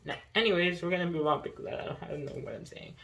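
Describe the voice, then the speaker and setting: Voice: mid-range voice, fast talker, gravelly, a bit bright, slight background noise, poor audio. A young podcast host talking casually through notes, rambling with many fillers and self-corrections.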